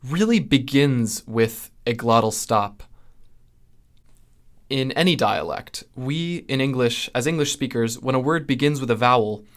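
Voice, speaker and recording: A young American man with a General American accent teaches phonetics in a measured voice. His pitch sits in the middle range, and he pauses on fillers and restarts now and then. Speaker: linguistics video host. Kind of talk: explanatory lesson.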